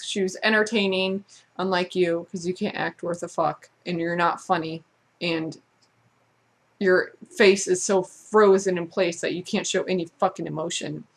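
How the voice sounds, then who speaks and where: A woman's voice: mid-range voice, a bit bright. A woman vlogger in a casual, sarcastic rant who talks bluntly and swears freely. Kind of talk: casual ranting monologue.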